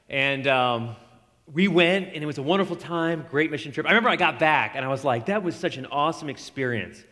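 A man in his forties preaching a sermon, retelling scripture with lively acted-out dialogue and casual asides. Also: medium pitch. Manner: animated storytelling, acts out quoted dialogue. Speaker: pastor. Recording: long hall reverb.

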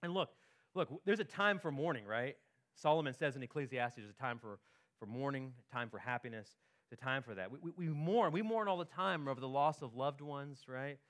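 A man's voice: medium pitch, animated, fairly quick, fairly bright tone. A pastor giving a sermon in a conversational way, often checking in with his listeners and repeating words as he goes. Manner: conversational preaching, frequent tag questions and repeated words.

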